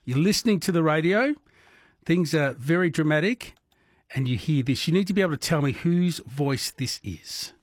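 A man's voice: on the high side, lively intonation, moderate pace, no echo. A man hosting a morning radio quiz in a chatty, conversational way. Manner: chatty, friendly and conversational, with fillers. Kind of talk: casual radio talk and quiz. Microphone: studio microphone.

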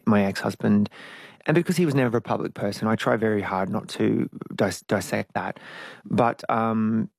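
Candid middle-aged man, gravelly voice. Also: on the low side, no room sound. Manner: candid storytelling, acts out own past voices. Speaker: guest musician. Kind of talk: conversational interview.

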